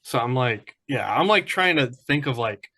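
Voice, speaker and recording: Guy with a bright sharp voice, laid back movie chat, lots of "like". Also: mid-range voice, animated, moderate pace. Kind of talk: casual movie discussion.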